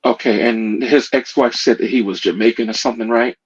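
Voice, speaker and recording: A man's voice: mid-range voice, steady tone, brisk, slightly rough. A man from New Jersey calling in, asking earnest and polite questions. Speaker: caller. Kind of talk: casual chat. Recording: dull call-in audio.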